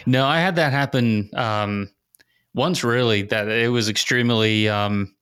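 A man's voice: mid-range voice, unhurried, a bit bright, clear, resonant tone, no echo, studio quality. A man, a missionary pastor, telling ministry stories with earnest, self-deprecating humor in a round-table talk. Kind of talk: reflective conversation among pastors.

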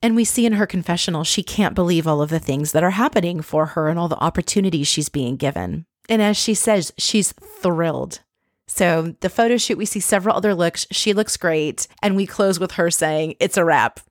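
A woman's voice: fairly low pitch, normal speed, no room sound, clean studio sound. A woman hosting a casual, chatty recap with wry, sarcastic asides. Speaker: podcast host recapping a reality show.

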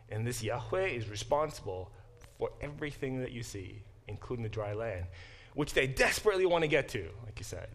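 Bible professor, man, middle-aged, easygoing explainer in class. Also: medium pitch. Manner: conversational, explains terms step by step. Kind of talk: classroom lecture.

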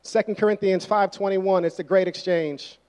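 A man's voice: sits high, fairly even intonation, moderate pace, a little mellow. A young adult man preaching a sermon as pastor, speaking in a conversational and emphatic way.

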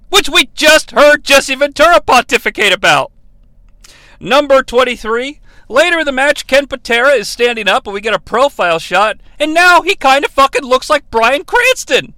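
A high, bright-voiced man hosting a comedic wrestling podcast on a close, dry mic. He talks in a sarcastic, profane ramble and keeps cutting into loud impressions. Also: no echo. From New York. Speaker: podcast host.

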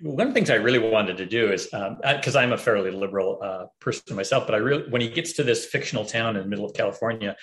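A man being interviewed as an author, answering in a measured, thoughtful way. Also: lowish voice, a bit bright. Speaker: author guest.

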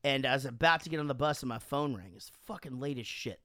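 A man casually telling animated stories on a podcast, swearing freely and acting out quotes, sounding a bit drunk. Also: mid-range voice, fast, no echo. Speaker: podcast host and band frontman. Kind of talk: casual storytelling chat.

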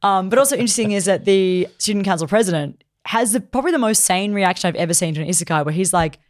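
A woman co-hosting a podcast, recapping an anime plot in casual, animated chat full of fillers. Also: mid-range voice, fast talker. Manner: chatty and animated, acts out characters' lines. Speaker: podcast co-host.

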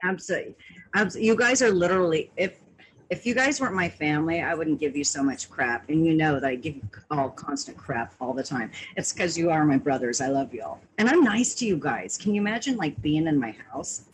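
A woman's voice: deep voice, expressive, brisk, a little hiss or hum, rough recording. A woman calling in to a live stream panel, talking in a gushing, affectionate way. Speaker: caller. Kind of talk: casual chat.

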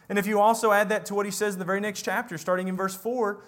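A man's voice: high voice, little pitch movement, quick pace, hardly any pauses, fairly bright tone. A man preaching a sermon, reading scripture passages and explaining them, at times voicing the speakers in the text. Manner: reads scripture aloud and explains it, voicing God and the people in quotes.

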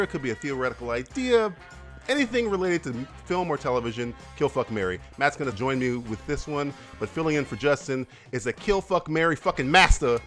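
Animated profane male podcast host. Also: mid-range voice. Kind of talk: casual chat.

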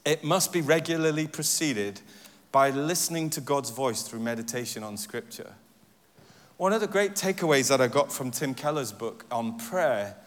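A man preaching a sermon, repeating scripture lines and stressing different words in turn in a gentle, reflective teaching tone. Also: fairly high pitch. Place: church hall. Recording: long church-hall reverb.

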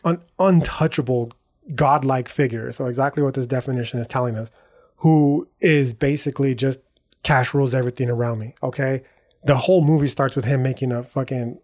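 A man's voice: medium pitch, a little mellow. A man hosting a podcast in a casual, slangy monologue, profane and rambling, checking in with "right?" and "dog" as he goes. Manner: rambling, self-correcting. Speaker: podcast host.

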